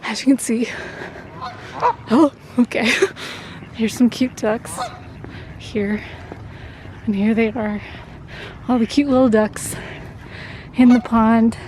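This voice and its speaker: A young woman from Colorado talking casually in a vlog. She is chatty, laughs often and drops into hushed asides. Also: fairly high pitch, steady tone, slow, pauses often, a little hiss or hum, poor audio. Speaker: vlogger. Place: outdoors on a walk, later at a hospital.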